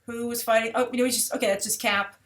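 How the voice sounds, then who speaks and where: Woman host, casual trailer commentary, slightly high voice, chatty and animated, lots of fillers. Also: fast. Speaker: host of a movie trailer review show.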